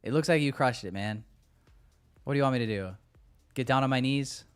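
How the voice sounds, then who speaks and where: Dude streaming his trades, smooth clear voice, cracks jokes and swears, faint music behind. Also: medium pitch, brisk. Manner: loose, joking, profane banter with chat. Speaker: day trader streaming live. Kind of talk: casual live-stream commentary.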